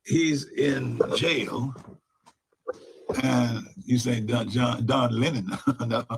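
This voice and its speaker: Gravelly, raspy-voiced older-sounding preacher man. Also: mid-range voice, fairly even intonation, extremely slow. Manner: rambling, fond of big words. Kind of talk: preaching commentary.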